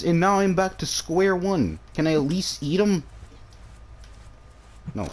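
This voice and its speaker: A man giving excitable commentary while playing a game, swearing and joking at the creatures and jumping from calm mutters to shrieking yells. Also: sits high, slow, pauses often. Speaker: gameplay commentator.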